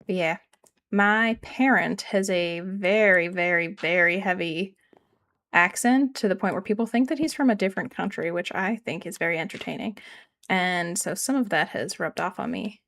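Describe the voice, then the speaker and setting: A Canadian woman with a regional accent chats casually with her live-stream viewers as she builds in a game, rambling and poking fun at herself. Her voice sits on the low side, slightly bright, at normal speed.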